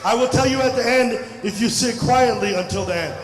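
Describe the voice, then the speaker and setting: A middle-aged man from India doing a stand-up comedy set, talking loudly and playfully to the crowd. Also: very high-pitched, a little fast. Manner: loud, animated, playful crowd banter. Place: large hall at a community festival. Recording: echoey hall mic from a distance, crowd noise. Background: audience murmur and laughter.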